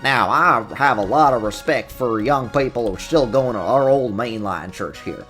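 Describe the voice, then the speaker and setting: A man putting on a Southern Texas accent to play a folksy older churchgoer who speaks in a slow drawl. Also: mid-range voice, a bit bright, soft background music, lightly acted. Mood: approving. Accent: put-on Texas Southern.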